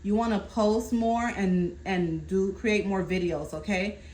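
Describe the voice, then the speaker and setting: A woman doing a casual tarot reading, calmly relaying messages from spirit and often checking in with her listener. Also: medium pitch, unhurried, slight background noise, poor audio. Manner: reassuring, keeps checking in with "okay?". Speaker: tarot reader.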